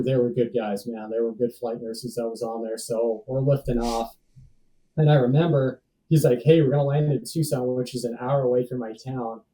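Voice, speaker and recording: A man's voice: medium pitch, mellow, recorded from a distance, low-quality recording. A man telling a personal story as a podcast guest, laid-back, acting out other people's lines. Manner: laid-back, acts out dialogue, says "dude" and "man" often.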